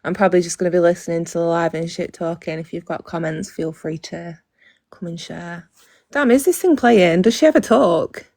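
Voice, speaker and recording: Woman on her phone live, lowish voice, dry room, blunt, swears a lot, talks right to her viewers. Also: moderate pace, a little mellow, no echo. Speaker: livestream host. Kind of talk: casual livestream chat.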